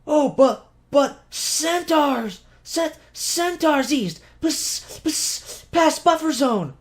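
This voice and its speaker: A man's voice: extremely high pitch, lively intonation, extremely slow, pitched above the performer's own voice, full character voice. A man voicing a frantic small female cat creature who stammers in broken speech.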